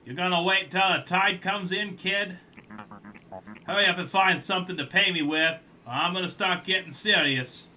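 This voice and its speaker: A man's voice: high voice, moderate pace, sharp tone, a little hiss or hum, voice pushed up. A man voicing an impatient, bullying male crab tax collector in a put-on New York accent. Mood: impatient, bossy.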